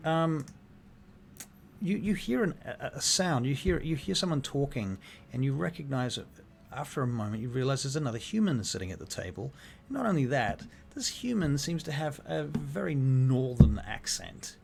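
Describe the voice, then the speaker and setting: A man's voice: mid-range voice, very animated, moderate pace, gravelly. A man narrating as game master of a tabletop game, hesitant and thoughtful. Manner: thoughtful narration with many fillers and restarts.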